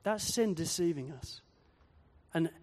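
A pastor delivers a sermon in a fairly high voice. He is animated and acts out quoted voices along the way. The sound carries the long echo of a hall. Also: unhurried.

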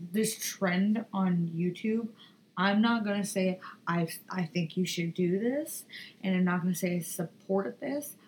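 A woman's voice: medium pitch, darkish tone, poor audio. Young female podcast host, casual and blunt, swears often, rambles, faint background hum. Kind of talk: casual chat.

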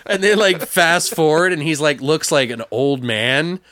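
A young man chatting casually about a movie, acting out scenes in squeaky voices and swearing a lot. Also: unhurried, dry recording. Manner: animated storyteller, acts out characters in high voices, swears a lot. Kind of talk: casual chat reviewing a movie.

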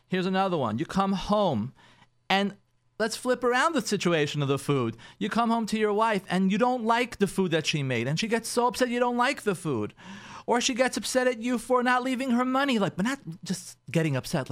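A man, a rabbi hosting a radio show, talks through marriage advice in an animated way, often repeating himself and acting out what spouses say. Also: high voice, fast talker.

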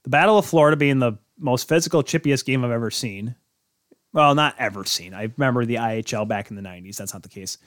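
A man's voice: medium pitch, fast, fairly bright tone, no room sound, studio quality. A man hosting a sports podcast, talking casually on his own in a rambling, joking way and correcting himself as he goes. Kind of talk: casual solo sports talk.

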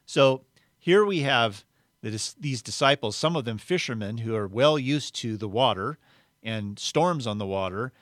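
A man's voice: mid-range voice, lively intonation, a little slow, a bit bright, no room sound, clean studio sound. A man preaching a sermon in an earnest, conversational way, retelling scripture in plain everyday words. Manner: earnest, conversational, acts out the quoted voices.

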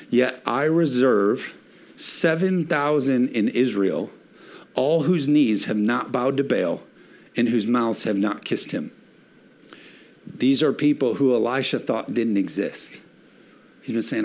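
A male pastor preaching a sermon with emphatic swells and slowed, stressed phrases, a father of young children. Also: medium pitch, darkish tone.

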